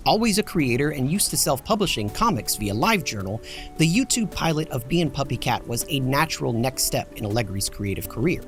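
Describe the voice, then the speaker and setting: Male video essay host, wry and joking, animated delivery, soft music under him. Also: medium pitch, brisk. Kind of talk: scripted video essay narration. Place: home basement in front of green screen.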